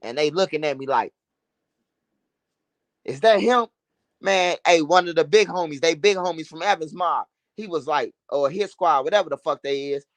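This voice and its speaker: A man casually telling a profane, animated street story, repeating phrases for emphasis. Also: on the high side, fairly quick, few pauses, no echo.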